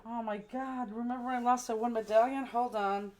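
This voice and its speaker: A woman's voice: a little high, fairly even intonation, moderate pace, a little mellow. A woman teaching a live online crafting class in casual, chatty talk, exclaiming and fretting as she looks for things, sometimes moving away from the mic. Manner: chatty, exclaiming, fretful while searching.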